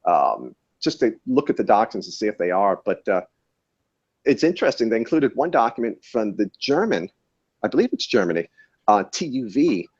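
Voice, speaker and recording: A man's voice: lowish voice, big pitch swings, moderate pace, husky, highs cut off. A man who tests batteries, talking in a casual podcast chat in a wry, rambling, self-correcting way. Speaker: battery tester and guest.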